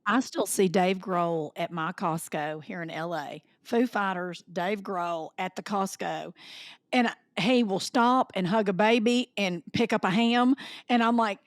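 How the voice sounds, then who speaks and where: Woman cohost telling stories all animated, doing everybody's voices, dry close sound. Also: mid-range voice, unhurried, no echo. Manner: lively storyteller who acts out quoted people. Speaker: podcast co-host. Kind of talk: casual chat.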